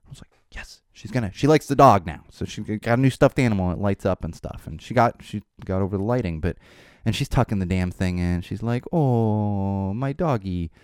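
A man in his thirties hosting a podcast, rambling casually and laughing as he talks, sometimes mimicking a child in a high voice. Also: fast talker, no echo, clean studio sound. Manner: rambling, self-interrupting, laughing. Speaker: podcast host. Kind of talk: casual chat.

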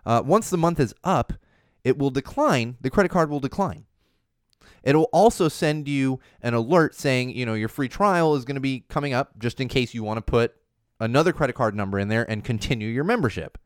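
Male podcast host, 30s, lively swooping delivery, dry close sound, casual news riffing. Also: medium pitch, brisk, clean tone, dry recording. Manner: animated, riffing, rambling asides.

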